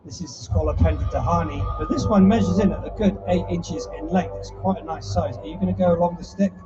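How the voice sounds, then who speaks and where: Male live-show presenter, high voice, playful crowd patter, off-mic and dull with music behind. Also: fast talker, distant mic. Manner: chatty, teasing, playful showman. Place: live indoor show with audience.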